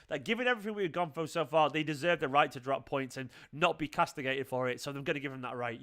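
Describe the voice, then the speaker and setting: A man's voice: a little high, bright, forceful tone. A man hosting a fan channel, giving a passionate, emphatic post-match reaction, swearing and repeating points for effect.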